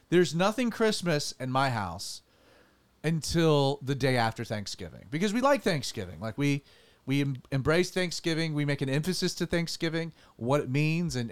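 A man, a pastor hosting a casual studio podcast, joking and rambling with restarts. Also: fairly high pitch.

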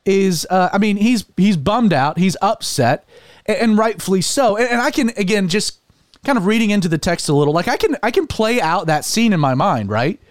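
A man hosting a casual religious discussion show, talking in an animated way with many fillers and restarts. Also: high-pitched, normal speed, no room sound, studio quality. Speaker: podcast host.

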